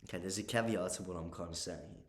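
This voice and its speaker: A man's voice: low voice, quick pace. A man giving casual advice in a blunt, profane way, often checking in with the listener. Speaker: advice vlogger. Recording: roomy echo.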